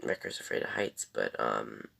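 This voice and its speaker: Gravelly, deep-voiced young man reviewing. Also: very animated, moderate pace, pushed and bright. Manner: rambling and loose, many ums and self-corrections. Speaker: TV episode reviewer. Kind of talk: casual episode review.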